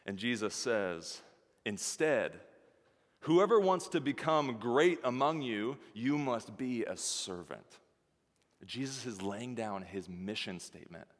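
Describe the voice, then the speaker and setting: A man preaching a sermon as pastor, lively, acting out the voices of the people in his story. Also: medium pitch, slow. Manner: animated, acts out voices of the disciples and Jesus. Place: church sanctuary. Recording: church hall reverb.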